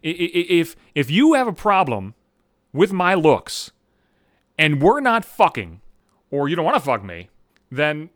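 A man rants on his home podcast in a fairly high voice that swings wildly up and down. He swears constantly and trips over his own restarts as he gets worked up. The sound is close and dry. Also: wildly swooping pitch, unhurried, long pauses, a bit bright, no echo. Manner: profane, heated ranting with stammered restarts. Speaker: podcast host. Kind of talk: solo comedic rant podcast.

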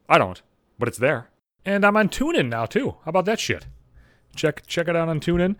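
A man rants on his home podcast in a fairly high voice that swings wildly up and down. He swears constantly and trips over his own restarts as he gets worked up. The sound is close and dry. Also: sing-song, brisk, a bit bright, dry recording. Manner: profane, heated ranting with stammered restarts. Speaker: podcast host. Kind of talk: solo comedic rant podcast.

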